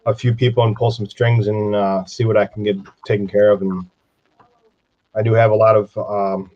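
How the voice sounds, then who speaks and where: An American man joins a casual livestream chat, talking in a friendly, halting way with many fillers. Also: on the low side. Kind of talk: casual live-stream chat. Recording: dull lo-fi livestream audio.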